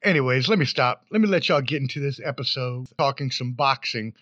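A man's voice: mid-range voice, a little fast, muffled recording, heavy background noise. A man hosting a podcast, introducing the show in a playful, hyped, rambling way. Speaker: podcast host.

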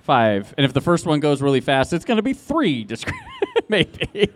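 A man's voice: on the high side, wildly swooping pitch, moderate pace. A man hosting a live game show on a convention stage, chatty and laughing, with stumbling restarts, speaking into a handheld mic. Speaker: podcast host running a live game.

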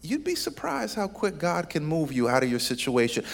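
A male pastor preaching a sermon, telling a story with a dramatic delivery that moves between loud and hushed. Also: a little high, wildly swooping pitch, moderate pace, gravelly, hardly any pauses.

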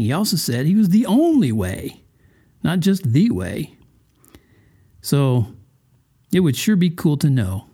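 A man with a fairly high, warm, slightly breathy voice hosts a casual religious podcast. His monologue to the listener is folksy and conversational, and he frequently asks questions.

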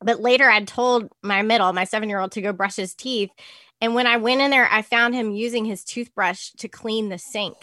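A woman's voice: on the high side, fairly even intonation, normal speed, pushed and bright, dry recording. A woman, a guest mom on a casual podcast, telling stories animatedly and acting out her kids.

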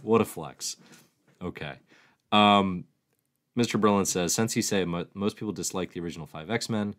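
A low-pitched man chats casually on his own livestream, his voice rising and falling widely. He jokes, teases himself and reads out viewer questions before answering them. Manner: joking, self-mocking, reads viewer questions aloud. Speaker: comics livestream host.

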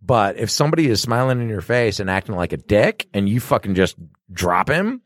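A man's voice: fairly low pitch, sing-song, brisk, no room sound. A man co-hosting a casual podcast, talking bluntly with lots of swearing and chewing snacks near the microphone. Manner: blunt and profane, chewing snacks close to the mic. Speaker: podcast co-host, bartender. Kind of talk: casual chat. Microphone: studio microphone.

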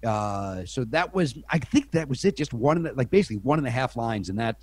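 A man's voice: mid-range voice, lively intonation, brisk. A middle-aged man, a podcast guest, telling self-deprecating anecdotes in a rambling, casual way with lots of restarts.

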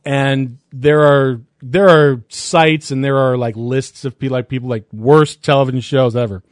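A man's voice: medium pitch, steady tone, a little slow, no room sound, clean studio sound. A man in a casual podcast chat, rambling with frequent restarts and laughter. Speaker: podcast co-host.

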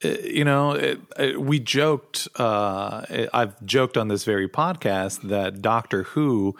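Man, podcast co-host, non-native English speaker, low voice, halting casual delivery. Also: creaky, fairly bright tone. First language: not English. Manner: halting, many restarts and fillers.

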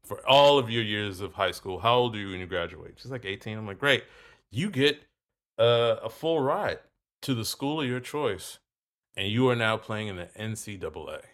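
A man's voice: fairly low pitch, normal speed. A man telling a story in casual talk, acting out both sides of a conversation. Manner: animated, acts out both sides of dialogue.

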